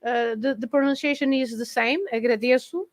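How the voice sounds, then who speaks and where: High-voiced Portuguese woman teaching. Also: a little slow, a bit bright, no echo. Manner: laughs often, patient and explanatory. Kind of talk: casual explaining on a live show.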